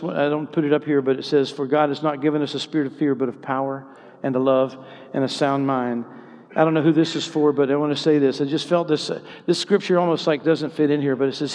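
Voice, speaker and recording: A man preaching a sermon with passion, his voice swinging between hushed, tender stretches and loud, soaring exclamations. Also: a little high. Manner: impassioned, swinging from hushed to shouting. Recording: long hall reverb.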